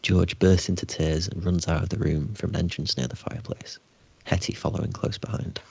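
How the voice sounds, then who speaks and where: A man reading stage directions aloud at a live script read, steady and dry. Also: low-pitched, a little fast, vocal fry, breathy edge, highs cut off. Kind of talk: script table read narration.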